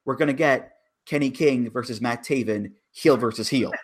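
A man's voice: medium pitch, moderate pace. Man arguing his point on a podcast. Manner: opinionated, building arguments with stressed words. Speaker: podcast co-host. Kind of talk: casual chat.

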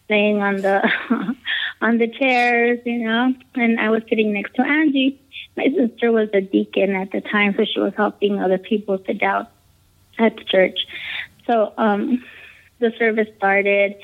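A woman casually telling a personal story, rambling with lots of "um", "like" and "you know". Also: mid-range voice. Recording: tinny phone-like line.

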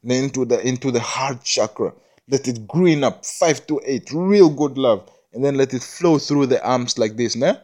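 A man with a mid-pitched voice talks through a loose, preachy spiritual monologue. He stumbles over repeated words, swears casually and keeps checking "you understand me?" as he builds himself up. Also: moderate pace, darkish tone. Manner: self-affirming, preachy, often asks "you understand me?".

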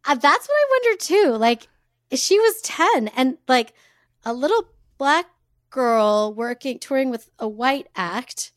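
A woman co-hosting a podcast, telling a story in relaxed casual chat with frequent fillers. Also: sits high, unhurried, no room sound, clean studio sound.

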